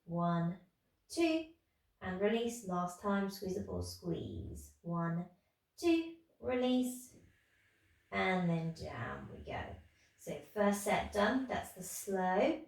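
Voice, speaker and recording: A tired woman in her thirties leading a pilates class, calmly talking through moves and counting reps. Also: lowish voice, slow pace, vocal fry. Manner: calm instructing, counting reps. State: tired, yawning. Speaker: pilates instructor. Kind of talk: guided exercise class. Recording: echoey room from far off.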